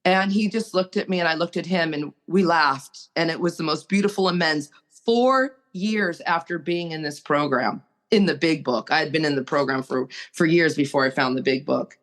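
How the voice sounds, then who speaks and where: A woman's voice: low-pitched, normal speed. Earnest woman exhorting recovery listeners. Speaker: recovery group member. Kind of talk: recovery podcast sharing.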